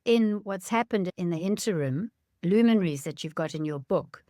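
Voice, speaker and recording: A woman host interviewing a guest with thoughtful, measured questions. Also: on the low side, animated, dark tone, no echo, studio quality. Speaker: podcast host.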